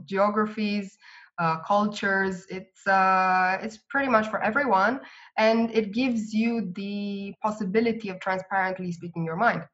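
A woman recruiter answering interview questions in a measured, explanatory way. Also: medium pitch, a bit bright. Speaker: recruiter guest. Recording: slightly dull lo-fi audio.

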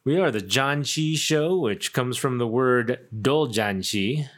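A young man co-hosts a casual podcast with a mid-pitched voice. He jokes around and explains things to his co-hosts. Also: lively intonation, takes it slowly, fairly bright tone. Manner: jokey, explanatory. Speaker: podcast co-host. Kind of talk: casual chat.

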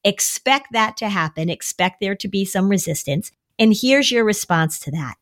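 A middle-aged woman, a therapist, talking on a podcast, animated and coaching, sometimes jumping into a high voice to mimic a child. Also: moderate pace, few pauses. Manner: animated, acts out worried kids in a high voice. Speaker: anxiety therapist and podcast co-host. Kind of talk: podcast conversation.

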